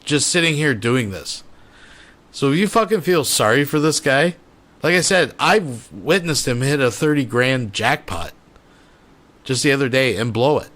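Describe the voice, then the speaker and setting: Guy doing commentary, blunt and cussing, mid pitch. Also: expressive, normal speed, fairly bright tone. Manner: blunt, profane, explaining. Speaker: commentary channel host.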